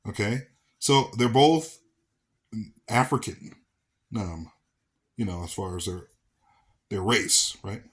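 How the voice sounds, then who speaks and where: A man from the American South talking casually to camera as a vlogger, rambling with fillers and restarts. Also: medium pitch. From Southern United States.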